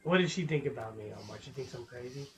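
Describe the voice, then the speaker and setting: A man's voice: medium pitch, expressive, fast talker, fairly bright tone. A man giving casual gameplay commentary to a viewer, rambling and swearing, often restarting his words. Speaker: gaming channel host.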